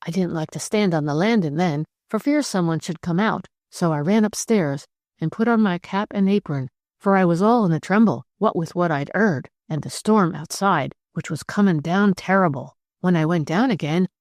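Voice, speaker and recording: A woman voicing a timid young Victorian housemaid, earnest and a little higher than her narration. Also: moderate pace, a little mellow, no room sound, studio quality, natural voice.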